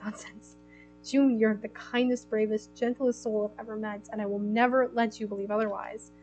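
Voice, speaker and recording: A woman's voice: a little high, level tone, normal speed, darkish tone, faint music behind, natural voice, low-quality recording. A woman voicing a kind, earnest young royal, speaking in a tender, reassuring way.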